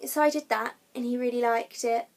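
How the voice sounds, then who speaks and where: A woman's voice: a little high, steady tone, fairly quick, darkish tone. A young woman vlogger chatting casually to camera, with frequent ums and restarts as she tells her story. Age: young adult.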